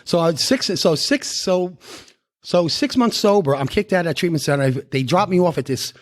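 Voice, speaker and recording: A man's voice: a little high, normal speed. New man telling his recovery story. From New York. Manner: animated storytelling, acting out dialogue. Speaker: recovery meeting speaker. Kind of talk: personal recovery story told live. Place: live speaker meeting.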